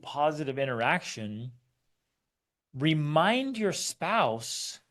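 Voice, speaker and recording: A man co-hosting a family podcast in casual chat, acting out quoted lines with animation. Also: on the high side. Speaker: podcast co-host.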